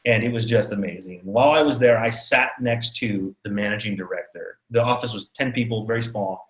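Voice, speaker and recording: A man from Texas giving a storytelling talk as keynote speaker, animated and acting out the people he quotes. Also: on the low side, a little fast, roomy sound, rough recording. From Texas, USA. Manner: animated, acts out quotes of others.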